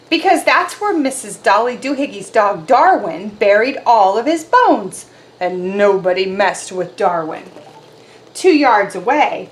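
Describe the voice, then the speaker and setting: Animated woman reading a children's story. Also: mid-range voice, reverberant, slight background noise. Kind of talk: reading a picture book aloud to children.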